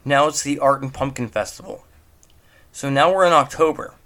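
A movie reviewer records at home, speaking casually about a film in a mid-range, slightly bright voice at normal speed. He mocks the movie with incredulous rhetorical questions.

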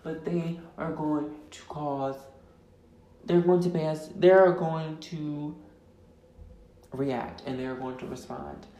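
A woman podcast host, ranting loudly and emphatically, full of profanity, with words drawn out for stress. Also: low-pitched, fairly even intonation, takes it slowly, pauses often, a little hiss or hum. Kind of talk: profane casual rant. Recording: echoey room.

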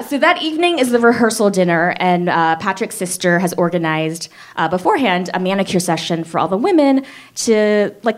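A young adult woman telling a personal story to an audience, chatty and full of "like", acting out quoted lines with big jumps in pitch.

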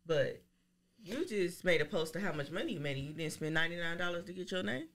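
A woman with a bright, forceful voice tells a story on a podcast, blunt and profane. She slips into the voices of the people she quotes. Her tone stays sharp and pointed. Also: fairly low pitch, animated, fast. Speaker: podcast guest; business owner. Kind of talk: casual podcast chat.

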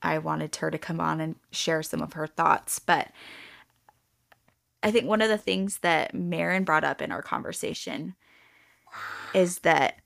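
A woman hosting a podcast, talking about motherhood in a thoughtful, measured way. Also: low-pitched, gravelly, fairly bright tone. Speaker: podcast host. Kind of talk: casual reflective chat.

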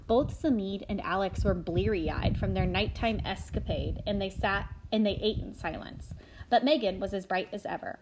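A woman narrating a children's novel aloud in an expressive reading style, with small slips and restarts. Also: medium pitch, moderate pace, slight background noise, poor audio. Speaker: audiobook narrator.

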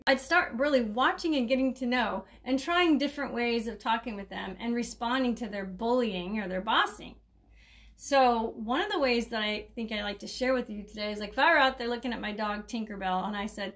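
A woman's voice: on the high side, fairly quick, a bit bright. A middle-aged woman hosting a casual caregiving podcast, chatty and rambling, laughing often and restarting her sentences. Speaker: caregiving coach and podcast host. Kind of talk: casual solo podcast talk.

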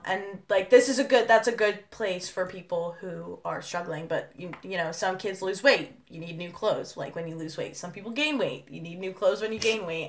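A woman's voice: medium pitch, fairly bright tone. A young woman in casual chat, bubbly and dramatic, often acting out what others said. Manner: bubbly, dramatic, acts out quotes. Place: basement.

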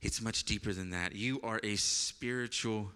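A man preaching a sermon as pastor, telling a personal story with lively acted-out voices and then turning quiet and reverent. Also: lowish voice, moderate pace, clear, resonant tone. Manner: animated storytelling, acts out voices, laughs often, turns quiet and reverent. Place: church sanctuary. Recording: echoey church hall.

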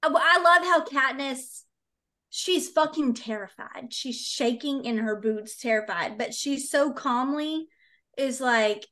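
A young woman casually chatting about a book with friends, excitable and quick to swear, with big animated reactions. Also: high-pitched. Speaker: podcast co-host. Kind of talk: casual book club chat.

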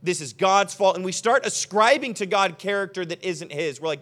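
High-voiced animated young male pastor. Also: moderate pace, few pauses. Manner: animated, acts out imagined voices of listeners. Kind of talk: sermon.

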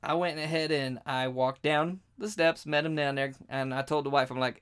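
A man hosting a podcast, telling a story as a crude, animated rant. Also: a little high, moderate pace, few pauses, smooth. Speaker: podcast host.

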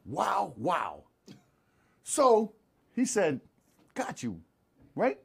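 A man's voice: high-pitched, wildly swooping pitch, very slow, vocal fry, husky. A man playing a lawyer in an improvised mock courtroom comedy, crude and mocking, questioning with theatrical flair.

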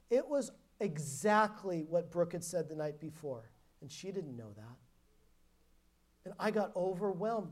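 A woman's voice: lowish voice, animated, normal speed, warm tone. A woman preacher giving a sermon as a personal testimony, telling her story emphatically and often restarting her sentences.

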